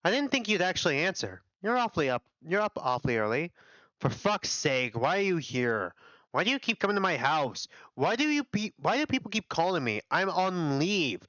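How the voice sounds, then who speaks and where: A scornful, idle doctor in middle age, put on by a man, who drops his voice low and brushes everyone off. The delivery is dry and dismissive, and the sound is dull and close on a dead-dry mic. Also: big pitch swings, moderate pace, a bit bright, no room sound. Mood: irritated. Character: lazy, mocking middle-aged male doctor.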